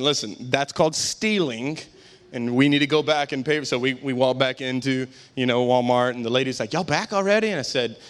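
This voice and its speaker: A man's voice: mid-range voice, a bit bright. A middle-aged man preaching a sermon as pastor, fervent and calling out to the congregation, then telling stories in a chatty, joking way.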